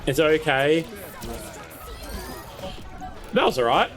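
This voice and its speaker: An excitable young man commentating his own gameplay on a live stream, with a voice that sits a little high for a man. He shouts quick callouts, swears casually and repeats himself insistently when he argues, while faint music plays under him.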